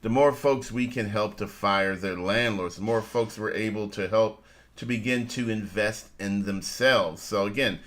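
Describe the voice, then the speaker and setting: A middle-aged man co-hosting a casual live-stream chat, folksy and quick to laugh, often addressing his listeners as family. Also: fairly low pitch, a bit bright. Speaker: co-host.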